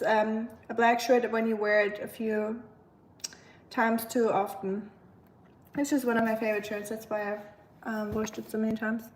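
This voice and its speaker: A woman live streamer chatting casually with her viewers, rambling and using lots of filler words. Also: fairly high pitch. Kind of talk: casual livestream chat.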